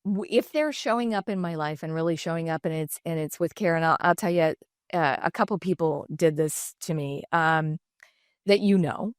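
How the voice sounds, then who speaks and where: A woman's voice: low-pitched, moderate pace, no echo, studio quality. A middle-aged woman, a guest on a podcast, telling personal stories candidly and animatedly, slipping into other voices when she quotes people. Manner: animated, acts out quoted dialogue in shifting voices. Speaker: podcast guest, designer and entrepreneur. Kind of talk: candid conversational storytelling.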